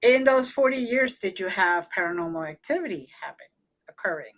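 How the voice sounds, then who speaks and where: A woman's voice: mid-range voice, expressive, fairly quick, a bit bright. Woman host asking short questions. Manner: brief prompting questions with fillers. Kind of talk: podcast interview.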